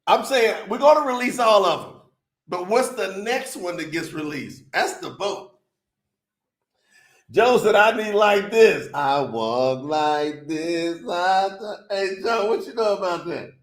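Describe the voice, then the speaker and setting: A man's voice: sits high, expressive, unhurried, reverberant. An upbeat man hosting a casual livestream, chatting with viewers and reading their comments aloud. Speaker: livestream host.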